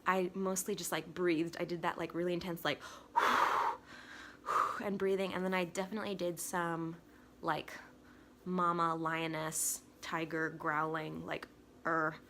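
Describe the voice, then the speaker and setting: A young woman vlogger telling a personal story in a casual, chatty, excitable way. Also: fairly low pitch, moderate pace, a little hiss or hum. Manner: excitable, chatty, talks with 'like' often.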